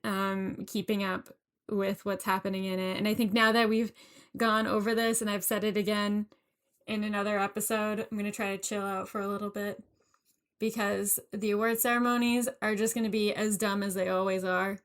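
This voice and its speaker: A woman's voice: mid-range voice, level tone, moderate pace. A woman co-hosting a podcast, talking in a chatty, casual way and laughing often. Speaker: podcast co-host. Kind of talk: casual chat.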